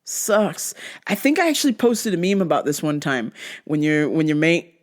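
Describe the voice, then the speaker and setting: A woman's voice: low voice, very animated, normal speed. A young American woman in casual chat, swearing freely, laughing often and slipping into British slang. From United States. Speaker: vlogger.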